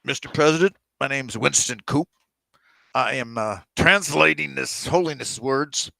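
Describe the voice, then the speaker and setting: A man reading his novel aloud, voicing a stiff, formal interpreter who speaks in a slightly halting way. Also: medium pitch, gravelly, sharp tone, dry recording, exaggerated voice, rough recording.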